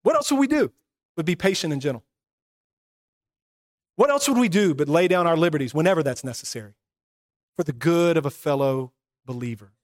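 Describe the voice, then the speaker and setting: A pastor preaching a sermon, earnest, moving between hushed and emphatic passages. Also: male voice, on the high side, expressive, a little fast, pauses often.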